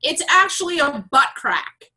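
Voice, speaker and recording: Bright cheerful woman co-host. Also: high-pitched, very animated, poor audio. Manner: cheerful, apologetic, quick to laugh. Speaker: podcast co-host running trivia. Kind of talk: casual chat.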